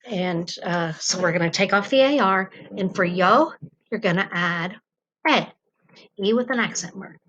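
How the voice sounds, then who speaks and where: A woman's voice: medium pitch, fairly bright tone, dull audio, slight background noise. A woman teacher narrating a grammar lesson from home, explaining patiently with ums and uhs. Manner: slow, patient explaining with fillers. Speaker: Spanish teacher.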